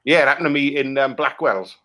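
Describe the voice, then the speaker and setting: A Welsh man in improvised comedy chat, swearing and ranting crudely as he tears into film pitches. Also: fast, bright, forceful tone. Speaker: comic guest critiquing film pitches.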